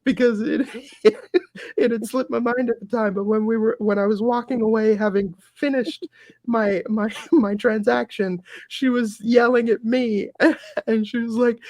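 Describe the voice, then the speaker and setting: A man with a notably high voice tells a story on a podcast, laughing as he goes. He speaks close to the mic, and the sound is dry with no room echo. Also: a little slow. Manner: laughs through his own story, animated. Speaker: podcast guest. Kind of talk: casual storytelling.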